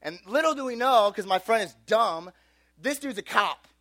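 Animated, high-voiced youth pastor. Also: male voice, normal speed, dry recording. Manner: animated, casual, full of "like" and "dude". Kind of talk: youth sermon with storytelling. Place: room with a live youth audience.

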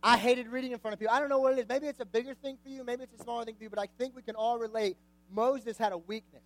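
A man's voice: very high voice, fairly even intonation, racing, no room sound, low-quality recording. A young man giving a casual, jokey sermon to a youth group, often asking the audience questions. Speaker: youth pastor.

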